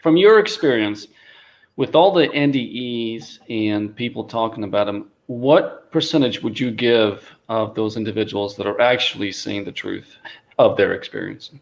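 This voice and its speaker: A man's voice: on the low side, normal speed, gravelly, rough recording. A man asking the host questions in a plain, casual way.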